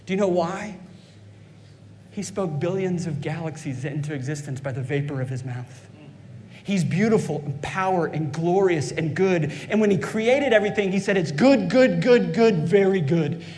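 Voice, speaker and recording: A man's voice: a little high, normal speed, a little mellow, slight background noise. A man preaching a fervent sermon as pastor, calling out to his congregation. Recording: long hall reverb.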